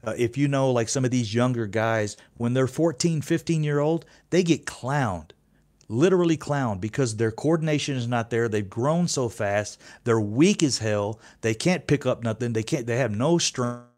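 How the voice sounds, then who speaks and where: A man's voice: mid-range voice, normal speed, a little mellow. Rambling, profane fifty-year-old man. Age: 50s. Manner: rambling, profane, restarts sentences. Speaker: YouTube sports channel host. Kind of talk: casual fan commentary.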